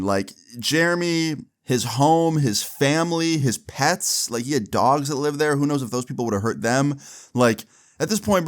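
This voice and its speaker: A young man with a mid-range voice casually tells a long personal story, slangy and animated. He acts out both sides of phone calls.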